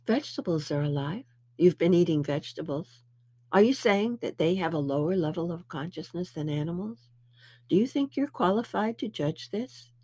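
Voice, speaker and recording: A woman voicing a patient male spirit guide who lectures and gently scolds. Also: on the low side, animated, normal speed. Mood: lecturing.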